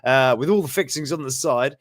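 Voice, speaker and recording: A man's voice: medium pitch, fairly quick, dry recording, studio quality. A man hosting a show, rambling through news items in casual commentary, chuckling and breaking off mid-sentence. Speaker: show host.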